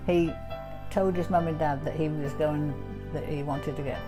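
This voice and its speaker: An older woman fondly reminiscing in an interview, hesitant with many pauses. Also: sits low, steady tone, over music. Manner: hesitant, fond, many ums.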